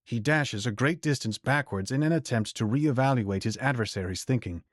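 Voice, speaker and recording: A man reads a fantasy audiobook in a measured, even storytelling manner. His voice sits mid-range for a man. The recording is close and dry, with no room sound. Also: medium pitch, dry recording. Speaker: audiobook narrator. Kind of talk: scripted fantasy narration.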